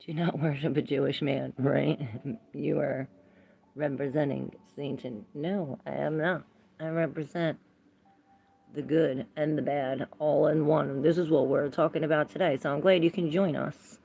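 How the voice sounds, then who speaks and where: A woman with a gravelly, heavily creaky voice that sits a little low. She talks in a loose, rambling way as a tarot reader on a casual livestream, calling out to viewers by name between thoughts. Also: steady tone, slow pace, darkish tone.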